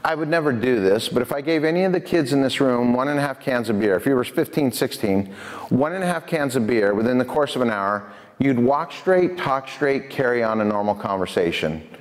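A man giving a lively prevention talk to students, asking them questions, telling stories and laughing often. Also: mid-range voice, brisk. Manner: animated storyteller, asks the audience questions, laughs often. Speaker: prevention specialist and youth speaker. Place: church hall. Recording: long hall reverb.

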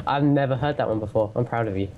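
A man's voice: mid-range voice, slight background noise. A young man chatting casually while gaming, with a dry, sarcastic way of joking, on a headset mic. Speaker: co-player.

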